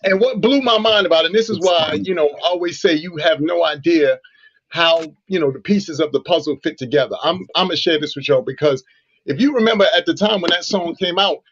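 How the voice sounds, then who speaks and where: Husky higher-voiced man telling a story. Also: brisk, highs cut off. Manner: animated storyteller, frequent "you know" fillers. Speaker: radio show co-host. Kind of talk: casual radio chat, storytelling.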